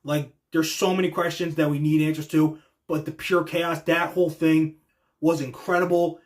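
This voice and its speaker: A young man hosting a podcast, giving an excited, casual reaction monologue that swears freely and acts out quotes in voices. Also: on the high side, moderate pace. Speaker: podcast host reacting to wrestling.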